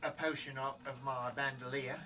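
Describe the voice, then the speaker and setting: A man's voice: mid-range voice, level tone, normal speed. A man playing a tabletop game, joking and narrating his character's actions. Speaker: player.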